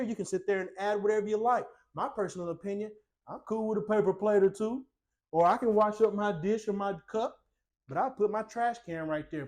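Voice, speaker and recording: A man's voice: high voice, darkish tone. A man hosting a walkthrough tour of a small home, talking in a playful, colloquial sales patter. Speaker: host giving a home tour. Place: indoors in a small tiny house.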